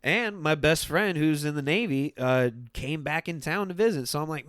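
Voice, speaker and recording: A man's voice: on the high side, moderate pace, fairly bright tone, smooth, no echo, clean studio sound. Laid-back rambling man telling a story. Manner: rambling, laid-back, swearing, acts out quoted voices. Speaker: podcast guest. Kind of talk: casual storytelling.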